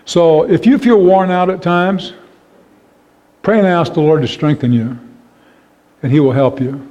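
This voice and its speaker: A man preaching an earnest sermon of encouragement with a slightly high voice. He reads scripture aloud and keeps checking in with his listeners. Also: measured pace, warm tone, dull audio. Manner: calls out "Amen?" to the congregation. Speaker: pastor.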